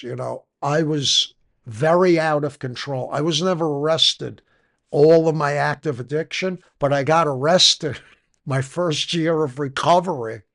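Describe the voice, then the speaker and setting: A man's voice: fairly high pitch, creaky, fairly bright tone. An older man, telling his personal recovery story frankly in a conversational interview. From New York. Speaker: podcast guest.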